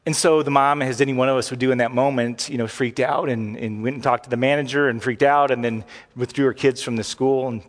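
A man's voice: medium pitch, fairly even intonation, fairly quick. A middle-aged man preaching a sermon as pastor, talking conversationally with frequent asides and restarts. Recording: long hall reverb.

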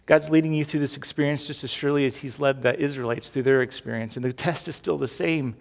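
A man's voice: medium pitch, fairly even intonation, quick pace, creaky, few pauses, big-room sound. A male pastor preaching a sermon with a repetitive, building cadence.

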